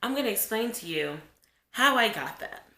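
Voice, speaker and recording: A woman in her twenties from New Jersey, telling a childhood story to her viewers in an animated, chatty way while getting over a cold. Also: on the high side, normal speed. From New Jersey, USA. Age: 20s. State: has a cold. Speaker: vlogger. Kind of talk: casual storytime vlog. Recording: echoey room.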